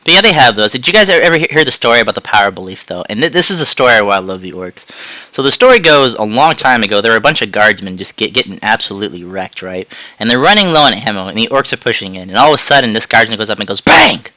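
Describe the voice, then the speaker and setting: A man's voice: lowish voice, very fast, dry recording, poor audio. A man hosting a podcast, chatting casually and telling jokey stories with sound effects. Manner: joking, animated storytelling with sound effects. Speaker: podcast host. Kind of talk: casual chat.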